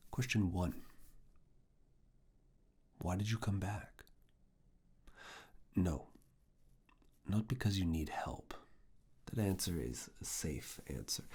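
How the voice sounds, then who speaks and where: A creator in a whispered role-play as a university professor, coaxing and quietly commanding, close to the mic. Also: a bass voice. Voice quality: breathy whisper. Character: teasing university professor giving private review. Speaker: ASMR roleplay creator.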